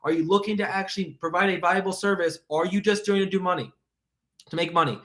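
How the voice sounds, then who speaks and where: An energetic man coaching live, his voice pitched a little high. He talks fast and excitedly and keeps piling on rhetorical questions and repetition, like a motivational speaker. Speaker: insurance sales coach.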